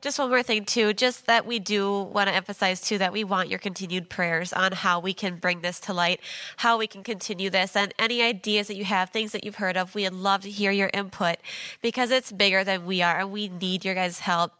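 Woman, bright crisp voice, eager church appeal, keeps stressing the point. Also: mid-range voice, fairly even intonation, a little fast. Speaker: mission team member. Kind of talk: casual church talk.

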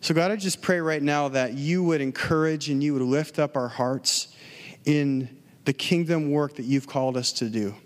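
A man's voice: fairly high pitch, moderate pace. A man preaching, telling a personal story in a casual way with many fillers, then leading a prayer. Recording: long hall reverb.

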